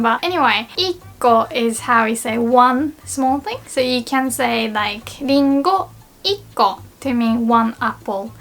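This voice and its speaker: A woman's voice: on the high side, fairly bright tone. A woman whose first language is Japanese gives a casual, playful video lesson with a chatty, giggly manner. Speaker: language teacher.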